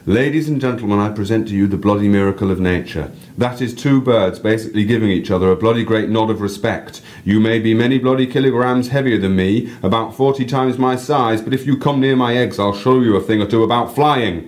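Brief: man voicing a red-faced Northern English bird guide, loud and sweary, pitched way up from his deep natural voice. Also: a little fast, few pauses, lightly acted. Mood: excited showman. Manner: booming showman patter with cheerful swearing. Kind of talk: reading fiction aloud.

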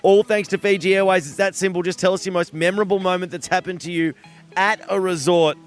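A man's voice: high-pitched, fairly even intonation, fast, soft background music. A man in his thirties with an Australian accent, hosting a radio show in casual, chatty banter. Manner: chatty, laughing, upbeat. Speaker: radio host.

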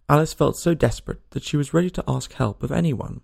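Gravelly male storybook narrator. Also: a little high, brisk, a little mellow, dry recording, clean studio sound. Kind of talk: storybook reading.

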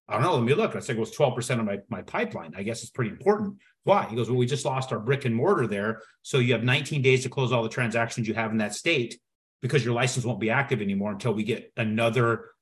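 A man telling a personal story as a podcast guest, acting out the dialogue with lively shifts in his voice. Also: medium pitch. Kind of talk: storytelling in conversation.

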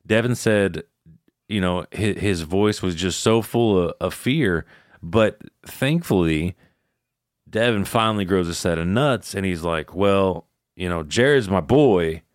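A man with a very low, smooth voice retells eerie stories in a loose, profane way. His voice is recorded dry and close. The delivery is relaxed and conversational. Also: unhurried, no echo. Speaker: podcast host. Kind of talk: casual storytelling chat.

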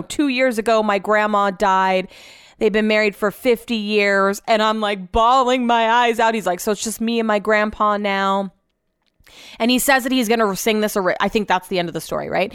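A woman's voice: mid-range voice, a bit bright, clean tone, no echo, studio quality. A young woman hosting a podcast, telling stories in casual chat, chatty and emotional with frequent swearing. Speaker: podcast host.

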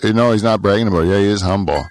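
A man's voice: lowish voice, racing, no echo. A man hosting a comedy podcast, rambling and joking with lots of fillers. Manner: joking, rambling, with many fillers and mock-announcer intros. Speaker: podcast host. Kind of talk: casual comedy banter. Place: pool shed.

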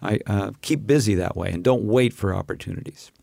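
Un hombre de mediana edad, actor e imitador invitado, que conversa de forma relajada y juguetona en un pódcast. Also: male voice, lowish voice, creaky, dark tone, no echo, clean studio sound. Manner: playful, bursts of laughter and quick voice switches. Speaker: guest, actor and impressionist. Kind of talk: casual podcast chat.

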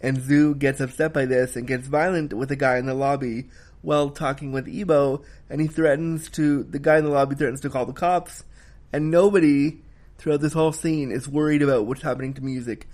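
A man's voice: medium pitch, fairly even intonation, fairly quick, darkish tone. A man giving a casual spoken film review, emphatic and heated, swearing freely as he rants.

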